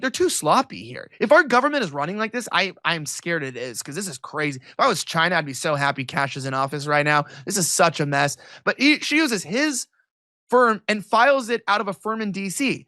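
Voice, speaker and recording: A man's voice: high voice, sharp tone, no echo, clean studio sound. A man from the United States, a guest in an interview, giving heated political commentary in a sarcastic, mocking way with many restarts.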